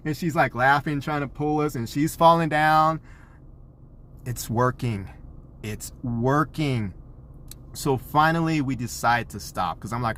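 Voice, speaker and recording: A man, a parent, telling a story in a vlog, animated and acting out the scenes he describes. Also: fairly high pitch, measured pace.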